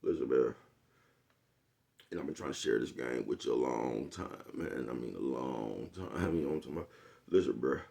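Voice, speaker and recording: Low-voiced man in a rambling monologue. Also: expressive, normal speed, creaky, dark tone. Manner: rambling, profane, keeps asking "you know what I'm talking about". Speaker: vlogger. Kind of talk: casual monologue.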